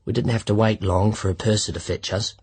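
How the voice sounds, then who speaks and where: A man narrating a literary short story in the first person, measured and reflective. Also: on the low side, fairly even intonation, darkish tone, husky. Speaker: audiobook narrator.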